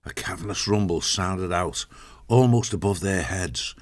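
A man reads a fantasy novel aloud in a very low voice. His storytelling is measured and dramatic, and he paces each chapter with care. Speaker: audiobook narrator. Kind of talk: scripted narration.

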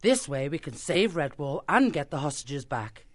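An actor playing a firm, commanding badger laying out a plan in a full-cast audiobook. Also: male voice, a little high, sing-song, normal speed, no echo, clean studio sound.

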